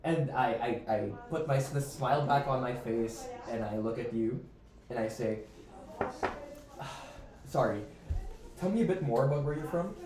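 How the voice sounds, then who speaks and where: A player in a tabletop game who describes actions in a halting way, often repeating words. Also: medium pitch, roomy sound, far from the mic, crowd noise. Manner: halting, repeats words while acting in character. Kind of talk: tabletop role-play.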